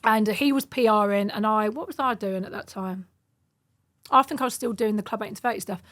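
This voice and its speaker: A woman in her thirties, a podcast guest, telling stories in a casual, animated way and acting out the voices in them. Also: medium pitch, brisk. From United Kingdom. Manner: animated, acts out quoted voices. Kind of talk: casual storytelling.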